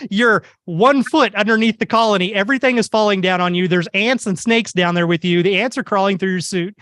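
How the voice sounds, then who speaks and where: A beekeeper speaking at a club meeting, telling a story in an animated, wry way. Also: male voice, high-pitched, no echo. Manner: animated, wry anecdotal delivery. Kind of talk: humorous storytelling talk.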